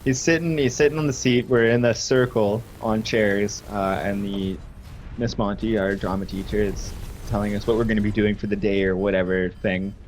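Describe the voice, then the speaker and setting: A young man in his twenties, chatting and telling a high school story while streaming a game, animated and full of fillers. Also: normal speed, slight background noise. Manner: animated, laughing, lots of fillers. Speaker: gaming streamer. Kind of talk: casual storytelling while gaming.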